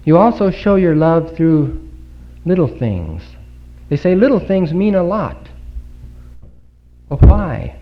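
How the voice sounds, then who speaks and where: A man giving a Bible talk in a congregation hall, earnest and full of rhetorical questions and pauses. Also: fairly high pitch. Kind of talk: sermon. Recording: dull lo-fi 1950s recording.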